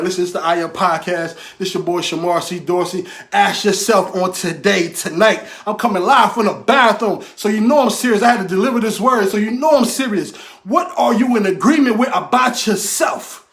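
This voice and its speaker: A man with a high-pitched voice and AAVE speech delivers a motivational faith talk for his podcast. He preaches in waves of repeated questions, rising to shouts and then dropping to low, quiet asides. He is talking from inside a bathroom. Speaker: podcast host.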